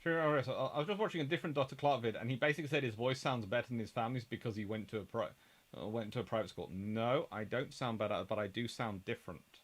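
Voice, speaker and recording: A man's voice: mid-range voice, quick pace. A middle-aged man hosts a live-stream chat. He talks in a loose, rambling way. He stops often to read out viewer comments and answer them. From England. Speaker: host.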